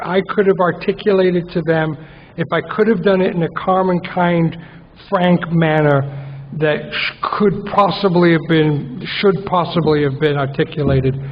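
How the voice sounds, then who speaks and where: A man's voice: high-pitched, a little hiss or hum. A man giving a wry recovery talk at a conference, telling a story and acting out his own inner voice. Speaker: AA conference speaker. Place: large conference hall. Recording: muffled conference hall recording.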